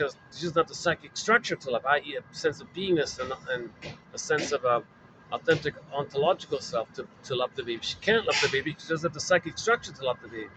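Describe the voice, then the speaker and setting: A man's voice: on the high side, background noise. A man giving an informal spoken lecture, explaining in a repetitive way with many fillers. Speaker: lecturer on psychoanalysis.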